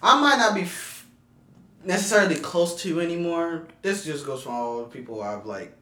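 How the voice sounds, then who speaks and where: A man's voice: a little high, expressive, normal speed, pushed and bright. A young man hosting a podcast in casual chat, blunt and emphatic. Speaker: podcast host. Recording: echoey room.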